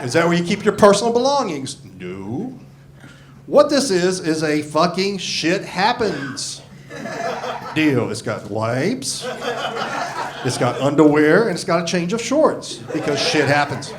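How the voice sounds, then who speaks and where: A man in his sixties doing a profane, self-deprecating stand-up set into a handheld microphone on a comedy club stage. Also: a little high. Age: 60s. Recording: live comedy club with audience laughter.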